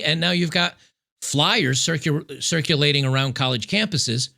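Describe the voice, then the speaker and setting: A man hosting political commentary, reacting to news clips in an emphatic, sarcastic way and repeating key points slowly. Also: fairly high pitch, gravelly, sharp tone.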